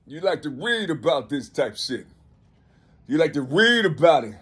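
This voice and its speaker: Sing-song and at normal speed, a husky, fairly high-voiced man in his 50s wanders through a spiritual monologue. His talk circles around, heavy with swearing and repeated asides, spiking into sudden shouts before sinking low again.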